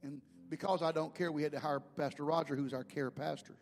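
A man's voice: a little high, steady tone, fairly quick, darkish tone. Man, pastor, sermon, folksy emphatic storytelling, long reverb, faint music behind. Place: church sanctuary.

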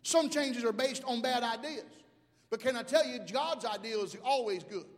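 A man in his fifties from Mobile, Alabama, preaching a sermon as pastor, animated, swinging from shouts to hushed asides. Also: very high voice, normal speed. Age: 50s. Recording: long hall reverb.

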